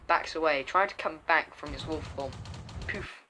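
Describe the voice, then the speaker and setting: A young man reading his own homemade diary story aloud, halting often and restarting words. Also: on the high side, sharp tone, a little hiss or hum, low-quality recording. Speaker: story reader and channel host.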